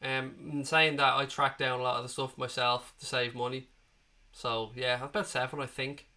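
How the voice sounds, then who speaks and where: A man's voice: medium pitch, level tone, normal speed, sharp tone. An Irish man in his thirties hosting a live football watchalong, chatting casually and answering viewers' comments one by one. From Ireland. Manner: chatty, matey, answers chat questions one by one. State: recovering from being sick.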